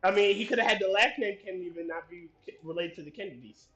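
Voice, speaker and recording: A man in a casual group podcast chat, quick and stammering, repeating his words. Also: high voice, pushed and bright.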